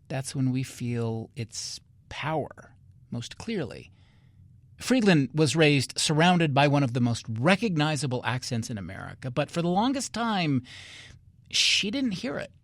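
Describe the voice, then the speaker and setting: A man hosting a radio show, reading a scripted introduction with a measured storytelling delivery. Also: mid-range voice, big pitch swings, dry recording. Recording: dry studio sound.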